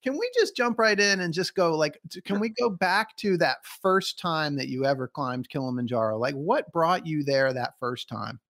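Eager, slightly high-voiced male host. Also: lively intonation, normal speed, few pauses, a bit bright. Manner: eager storyteller acting out quoted voices. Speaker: podcast host. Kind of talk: casual podcast interview.

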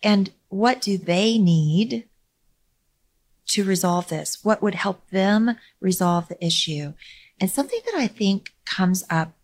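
A middle-aged woman hosting a podcast, telling a story in a calm, measured way that sinks to a near-whisper for emphasis, with light laughs. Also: mid-range voice. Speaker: podcast host. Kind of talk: reflective storytelling monologue.

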